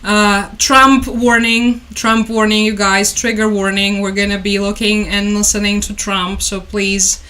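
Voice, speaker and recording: A woman's voice: mid-range voice, little pitch movement, a little slow, few pauses, sharp tone. Sarcastic woman. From Ukraine. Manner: chatty, sarcastic, laughs often. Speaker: news commentator. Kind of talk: casual news commentary.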